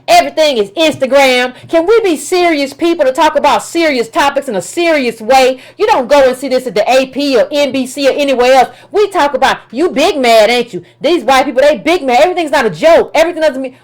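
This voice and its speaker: A woman political commentator delivering an opinion rant, emphatic and colloquial, repeating herself and firing rhetorical questions. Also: sits high.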